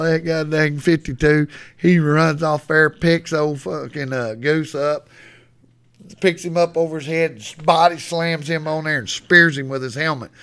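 A man's voice: on the high side, normal speed. A middle-aged man from west Texas, telling a rowdy, profane story in a folksy way as a podcast guest. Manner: folksy, profane, animated yarn-spinner. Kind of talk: storytelling in casual chat.

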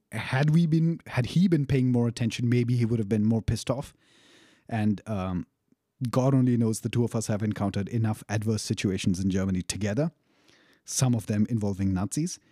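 A man's voice: on the low side, mellow, breathy edge, no echo, studio quality. A man casually recounting a personal story, rambling and profane, with frequent fillers and chuckles.

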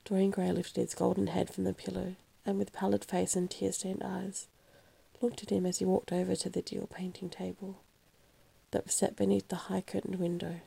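Woman narrator, gravelly and husky, measured audiobook reading. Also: on the low side, monotone, mellow. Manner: measured, dramatic storytelling. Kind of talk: scripted narration of a classic novel.

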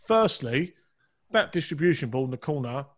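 A man with a slightly high voice talks eagerly on a casual video call, making jokes with his friends. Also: sing-song, normal speed. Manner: eager, jokey.

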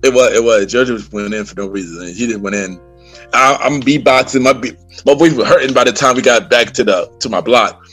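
A man's voice: mid-range voice, brisk, fairly bright tone, husky, soft background music. Easygoing New man, podcast host. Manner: easygoing, agreeing often, street slang. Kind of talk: casual chat.

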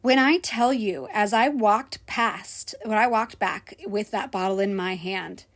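A woman and restaurant server, candidly telling a personal story in a vlog, swinging between loud frustration and hushed, quiet moments. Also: mid-range voice, normal speed, hardly any pauses.

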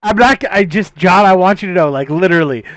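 High-voiced excitable swearing man. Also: fast talker, no echo. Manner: excitable, laughing, heavy swearing. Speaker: podcast co-host. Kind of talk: casual chat.

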